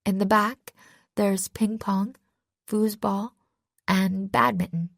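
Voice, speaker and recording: A woman voicing a cheerful young female sailor in an audiobook, pitched a little higher than her narration. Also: steady tone, slow, gravelly, a bit bright, no room sound, studio quality, full character voice. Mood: hesitant.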